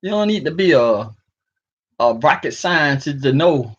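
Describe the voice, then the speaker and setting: A man's voice: a little high, animated, a little slow. Sleepy man rambling, muffled recording. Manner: rambling, chuckling, slangy. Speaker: vlogger. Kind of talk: rambling casual monologue.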